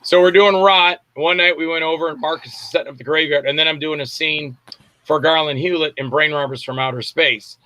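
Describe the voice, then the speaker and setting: A man's voice: on the high side, fairly even intonation, a little fast, sharp tone, no room sound. An older man from Florida, a guest actor and filmmaker, telling rambling stories in a casual interview and acting out what others said. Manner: rambling storyteller acting out quotes.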